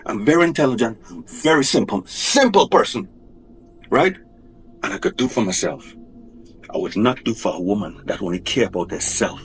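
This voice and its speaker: A man's voice: lowish voice, expressive, normal speed, slight background noise. A man talking about his divorce in a rambling, colloquial, insistent way. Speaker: husband in a divorce dispute. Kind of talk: casual rambling talk.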